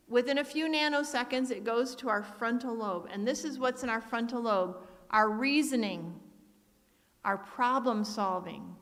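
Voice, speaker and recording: A woman's voice: fairly high pitch, fairly bright tone. A middle-aged woman giving a sermon, telling family stories and reading Bible verses aloud. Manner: storytelling, acts out family voices, reads verses aloud. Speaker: speaker at church. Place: church sanctuary. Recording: church hall reverb.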